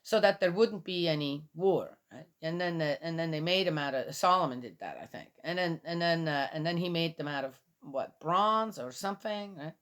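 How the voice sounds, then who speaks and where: A woman's voice: sits low, lively intonation, moderate pace, few pauses. A woman reading a Bible passage aloud and commenting on it in a casual, skeptical way, asking many rhetorical questions.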